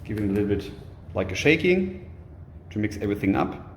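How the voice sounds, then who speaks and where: A man giving a live laboratory demonstration, explaining each step in a halting way with many fillers and restarts. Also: fairly low pitch, sing-song. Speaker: product demonstrator. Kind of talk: live lab demonstration over a video call. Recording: roomy sound with faint noise.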